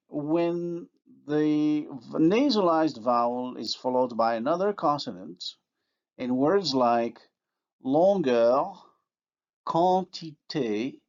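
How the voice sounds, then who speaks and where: A man giving a recorded linguistics lecture, who carefully sounds out each example word. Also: on the high side. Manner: slow, deliberate, carefully sounds out example words. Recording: dull lo-fi recording.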